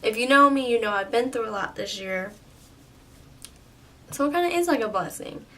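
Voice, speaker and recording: A woman's voice: a little high, animated, moderate pace, bright, forceful tone. Chatty young woman telling a story. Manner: chatty, lots of "like", laughs often. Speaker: vlogger. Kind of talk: casual storytime. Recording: slightly distant, faint room noise.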